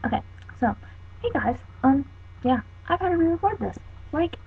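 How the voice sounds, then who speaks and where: A woman's voice: high-pitched, expressive, normal speed, vocal fry. A teenage girl chatting casually in a webcam vlog, rambling with lots of "like" and "um". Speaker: vlogger. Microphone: built-in computer mic. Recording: tinny lo-fi webcam audio with faint hiss.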